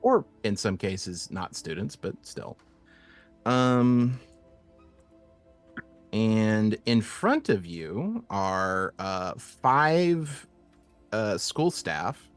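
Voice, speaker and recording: Low-voiced male game master, rambling. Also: sing-song, drawn-out words, soft background music. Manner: casual, rambling with frequent uhs. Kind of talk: narrating a tabletop game.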